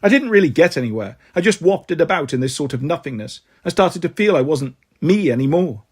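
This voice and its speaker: A man voicing a sharp-tongued, bossy ghost schoolgirl with a sarcastic, teasing manner, read in a storybook. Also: fairly high pitch, lively intonation, fairly quick, breathy edge. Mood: restless.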